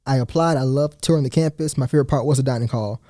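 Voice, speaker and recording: A teenage boy from Atlanta, Georgia, speaking as a guest in a relaxed, measured and polite way. His voice is mellow and dark, recorded close and dry with no room sound. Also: mid-range voice, no room sound. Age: teens. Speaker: guest student. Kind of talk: casual interview answers.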